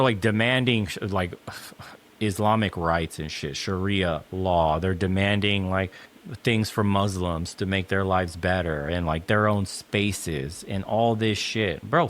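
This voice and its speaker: A man's voice: on the low side, a bit bright, slight background noise. A man in a clip played from another video, delivering a blunt, heated, profane opinion rant. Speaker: commentator in a reacted video.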